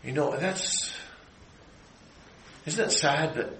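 A middle-aged man preaching a sermon, building his phrases to emphatic high peaks and then dropping low. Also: slow pace, long pauses, fairly bright tone, echoey room, rough recording.

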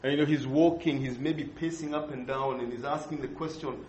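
A man preaching an expository sermon, earnest and measured, pausing and restarting as he thinks. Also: mid-range voice, fairly even intonation, a little mellow. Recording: dull lo-fi recording.

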